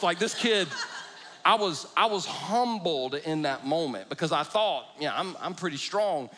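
A man's voice: a little high, animated, a little slow, a bit bright, slight background noise. A middle-aged man preaching a sermon, telling stories with self-deprecating humor. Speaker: pastor. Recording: long reverb of a large hall.

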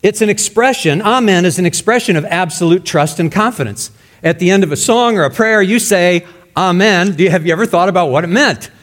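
A male pastor preaching a sermon emphatically, his voice rising loud and dropping to a hush. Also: high-pitched, brisk. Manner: emphatic, swinging between loud and hushed.

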